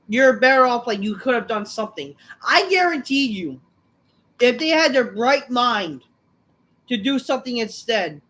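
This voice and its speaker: A woman hosting a wrestling review, ranting angrily with constant swearing and bursts of shouting. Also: a little high. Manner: angry, swearing, repeating insults.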